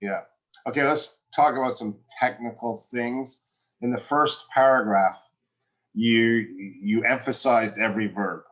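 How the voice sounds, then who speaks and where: A man's voice: mid-range voice, unhurried, fairly bright tone, highs cut off. A man working as an acting coach, giving a student direct and encouraging feedback in a one-on-one session, often restarting his sentences.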